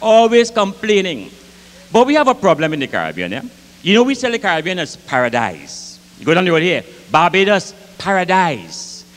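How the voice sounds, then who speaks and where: A Grenadian man doing comic storytelling onstage at a live concert, lively and rich in dialect, acting out the voices in his tales. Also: high-pitched, a little fast. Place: concert hall with audience. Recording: live concert hall reverb, faint ambience.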